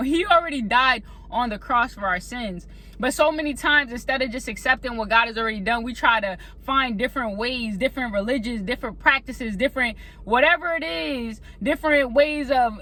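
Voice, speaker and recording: Woman vlogger, bright high voice, lively storytelling. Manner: animated, acts out panicked voices, conversational. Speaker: faith vlogger. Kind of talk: casual storytelling monologue. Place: indoors at a laptop.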